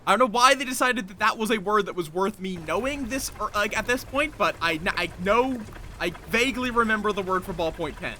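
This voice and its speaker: A man's voice: high-pitched, lively intonation, a little fast, bright, forceful tone, slight background noise. A man chatting casually while streaming a game, rambling and talking to himself and his viewers. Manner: rambling, talks to himself and chat. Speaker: live streamer. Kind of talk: casual gameplay chat.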